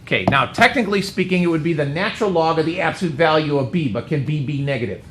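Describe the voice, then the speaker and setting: A math teacher with a fairly high, lively voice talks fast while giving a calculus lecture, sounding tired and joking with his students as he works through a problem. The classroom recording is echoey with faint background noise.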